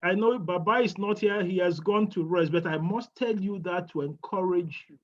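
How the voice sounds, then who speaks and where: A woman's voice: on the low side, normal speed, natural voice. A woman voicing an elderly grandmother giving an earnest testimony in a sermon. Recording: dull lo-fi church recording.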